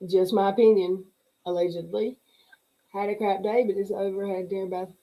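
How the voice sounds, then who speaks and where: A middle-aged woman with a drawl and a mellow, relaxed voice chats loosely through a livestream. She laughs often and greets each viewer by name as the comments scroll past. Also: mid-range voice, moderate pace, low-quality recording. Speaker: livestream host. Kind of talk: casual chat reading live comments.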